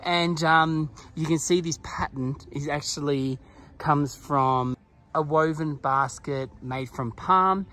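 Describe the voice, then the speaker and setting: Man, fairly high-pitched, casual travel vlog, chatty, laughs often, out of breath, outdoors, camera mic. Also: slow pace, pushed and bright. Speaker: travel vlogger. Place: outdoors at a hilltop pyramid site.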